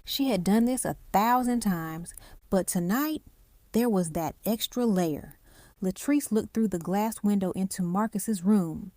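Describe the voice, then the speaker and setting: A woman's voice: medium pitch, unhurried, warm tone, no room sound. A woman narrating a hospital drama story, voicing each character's lines herself.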